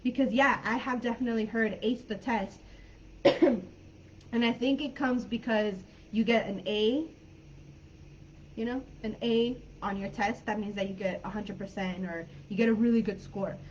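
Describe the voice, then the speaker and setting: A woman's voice: on the high side, fairly even intonation, moderate pace, slight background noise. Woman teaching a live online class. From California. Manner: friendly, laughs often, thinks aloud with fillers. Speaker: English teacher. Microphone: video call. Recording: dull lo-fi video call audio.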